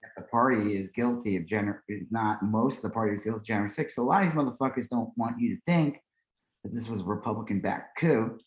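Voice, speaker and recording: A man's voice: lowish voice, fast. Podcast co-host, man, heated and profane, roomy echo. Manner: heated, profane, reads posts aloud. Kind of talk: casual political chat.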